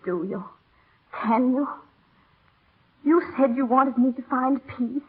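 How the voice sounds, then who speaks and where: An actress playing a doomed young heiress in a 1930s radio drama, swinging from teasing to tearful. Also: female voice, high voice, slow, husky, full character voice. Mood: tender. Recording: thin, phone-like old radio broadcast.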